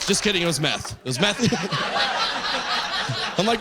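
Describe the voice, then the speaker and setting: A man from Canada doing stand-up comedy, telling a story with lively jumps into other people's voices. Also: high-pitched, slow, a loud crowd, heavy background noise. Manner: animated storytelling, jumping into voices. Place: stage in front of a live audience.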